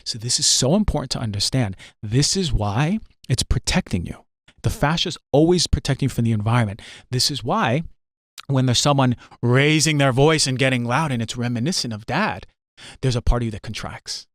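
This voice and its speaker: A man's voice: medium pitch, a little fast, no room sound, studio quality. A man talking earnestly as a podcast guest, emphatic and repetitive, checking in often with "right?". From New Jersey. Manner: emphatic, repeats phrases, frequent "right?". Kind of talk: earnest conversational teaching.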